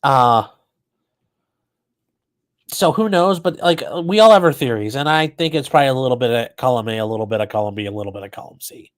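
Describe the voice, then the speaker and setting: A man hosting a live commentary stream, reading chat questions aloud and answering off the cuff. His voice sits at an ordinary middle pitch, and his manner is blunt, chatty and freely profane. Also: animated, a little fast. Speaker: livestream host commenting on a trial.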